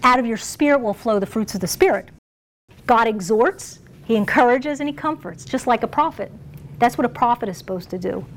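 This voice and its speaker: A woman giving an informal Bible teaching, chatty and animated, often laughing and restarting phrases. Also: a little high, brisk, slight background noise. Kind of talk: informal sermon.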